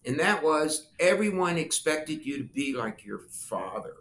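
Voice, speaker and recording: Sitting on the high side and unhurried, the voice of an older ex-congressman carries a reverberant sound with a little hiss or hum. He tells family stories in an interview, laughing and animatedly voicing the characters he quotes.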